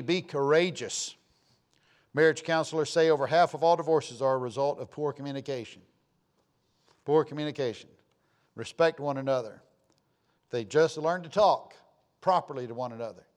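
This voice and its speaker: A man preaching a sermon, folksy and storytelling, rising and falling for emphasis. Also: a little high.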